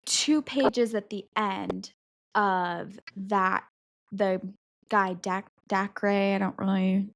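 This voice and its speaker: A woman hosting a podcast, leading a casual book discussion in an animated, chatty way with many filler words. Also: medium pitch, drawn-out words, dry recording, clean studio sound. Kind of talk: casual chat.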